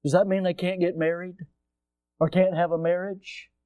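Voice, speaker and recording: High-pitched emphatic preacher, dry sound. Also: male voice, little pitch movement, normal speed, smooth, dry recording. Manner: emphatic preaching with rising shouts and sudden quiet drops. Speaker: pastor. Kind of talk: sermon.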